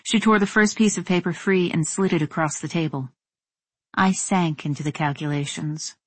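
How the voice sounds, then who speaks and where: A woman reading a first-person story in a measured, tense narrating voice. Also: lowish voice, husky, no echo. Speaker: audiobook narrator.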